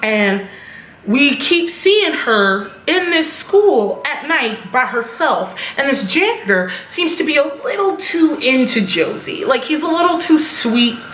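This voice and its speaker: A woman's voice: high-pitched, expressive, slow pace, fairly bright tone, slight background noise. Chatty swearing woman in an echoey room. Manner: chatty and blunt, swears freely. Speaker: TV episode reviewer. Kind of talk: casual episode recap.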